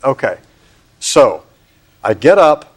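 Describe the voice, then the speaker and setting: A man's voice: medium pitch, big pitch swings, slow, husky. Drawling middle-aged man telling a story. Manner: drawling storyteller, acting out exasperation. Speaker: talk show guest. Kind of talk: anecdote on a talk show.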